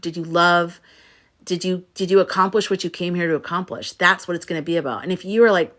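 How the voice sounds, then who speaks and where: A woman's voice: on the low side, fairly quick, fairly bright tone. A middle-aged woman hosting a casual livestream, talking to viewers in a playful, rambling way and swearing now and then. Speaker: livestream host, spiritual coach.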